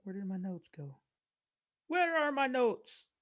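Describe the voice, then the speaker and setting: A man narrating as game master of a tabletop game, relaxed and rambling, with many fillers. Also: very high-pitched, measured pace, dull audio.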